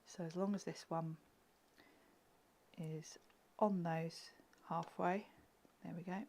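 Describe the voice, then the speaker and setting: A woman's voice: fairly low pitch, fairly even intonation, slow pace, a little mellow, slight background noise. A woman chatting and giggling through a live card-making demonstration, often dropping to a murmur as she works. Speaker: craft demonstrator.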